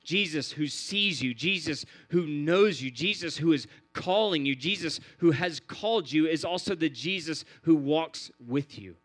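A man's voice: a little high, unhurried, few pauses, a bit bright. A man preaching a sermon in an earnest, repetitive cadence, building phrase on phrase. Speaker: pastor.

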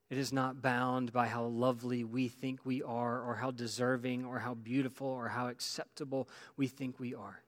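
Pastor telling a story, flat tone. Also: male voice, mid-range voice, moderate pace. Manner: storytelling, with restarts and drops to near-quiet. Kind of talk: sermon.

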